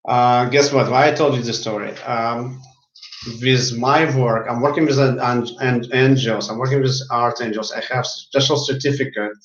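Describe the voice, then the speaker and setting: A man's voice: medium pitch, fairly even intonation, normal speed. A man who works as a healer tells a story in casual speech, often repeating and restarting his words. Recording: roomy, dull lo-fi sound.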